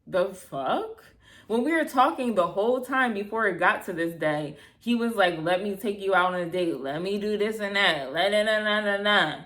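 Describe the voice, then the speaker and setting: A woman in her thirties telling a bad-date story to camera, animated and exasperated, acting out both sides of the conversation, with lots of "like" and casual swearing. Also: medium pitch, moderate pace. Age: 30s. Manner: heavy filler "like", casual swearing. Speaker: vlogger. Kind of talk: storytime vlog, casual retelling.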